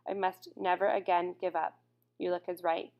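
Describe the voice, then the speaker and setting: A woman narrating a first-person audiobook in a measured, reflective reading. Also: lowish voice, little pitch movement, creaky, darkish tone.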